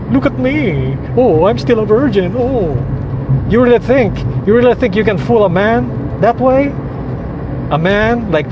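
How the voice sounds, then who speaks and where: Swearing man ranting over traffic. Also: high voice. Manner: profane, heated, repetitive. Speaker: vlogger. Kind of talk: angry rant to camera. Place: outdoors, heading out to drive. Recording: noisy outdoor traffic.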